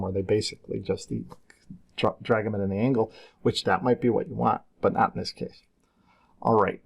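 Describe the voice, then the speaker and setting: Gravelly, husky middle-aged male instructor. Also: medium pitch, a little mellow. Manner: casual and conversational, wanders into side stories. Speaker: CAD instructor. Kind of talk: screen-recorded software tutorial.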